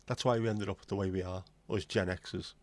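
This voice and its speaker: Here a livestream host from England, a man in his forties, talks casually in a low voice with fairly even intonation at a normal speed. The recording is dry, and he comes across as opinionated and blunt, wandering off into asides.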